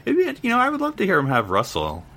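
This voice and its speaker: A man's voice: on the high side, wildly swooping pitch, fast talker, sharp tone. A man co-hosting a podcast, chatting casually and rambling with lots of fillers. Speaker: podcast co-host. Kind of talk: casual chat.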